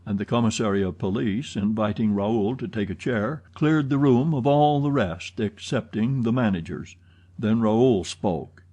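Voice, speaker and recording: A man narrating a classic novel as an audiobook, in steady, even storytelling. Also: fairly low pitch, a little slow. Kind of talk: scripted narration.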